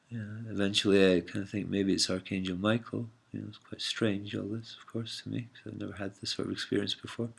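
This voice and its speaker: Low gravelly man rambling through a story. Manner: meandering, hesitant, full of fillers, calls listener mate and man. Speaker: vlogger telling a personal story. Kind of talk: casual rambling monologue.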